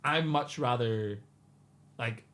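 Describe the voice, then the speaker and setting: A man's voice: medium pitch, slow, a bit bright. A man, a podcast guest, chatting casually and acting out little bar exchanges in quotes. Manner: chatty, lots of "like" and "you know". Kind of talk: casual chat.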